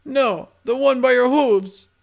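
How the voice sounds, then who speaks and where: A man's voice: very high voice, takes it slowly, vocal fry, voice pushed up, full character voice. A man voicing a menacing, crude male pony gangster in a fan audiobook, taunting and swaggering.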